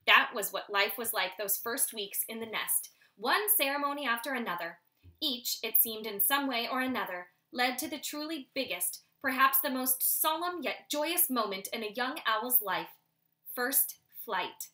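A woman reading a children's novel aloud in steady storytelling narration. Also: fairly high pitch, moderate pace. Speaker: audiobook reader. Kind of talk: scripted audiobook narration.

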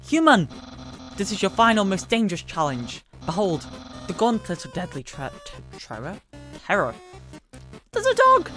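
A woman voicing a loud, boastful male skeleton with bombastic, shouted proclamations while reading game dialogue in a let's play, music playing behind her. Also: on the low side.

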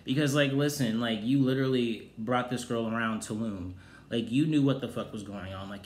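A man giving a sassy, profane recap of a reality show, with loud exclaimed outbursts. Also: fairly low pitch, fairly even intonation, fairly quick, slight background noise. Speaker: TV recap host. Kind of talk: casual review commentary. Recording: roomy echoey room.

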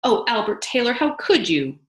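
A woman's voice: on the high side, big pitch swings, normal speed, pitched above the performer's own voice. A woman voicing a worried, indignant young mother who presses her husband with questions, in a read-aloud story. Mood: alarmed, scolding. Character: anxious, scolding young mother and wife. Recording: echoey room.

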